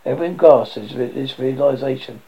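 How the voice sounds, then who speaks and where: A woman's voice: very deep voice, normal speed. A woman reading a comedy play aloud, giving the stage directions plainly. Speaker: reader. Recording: dull lo-fi recording.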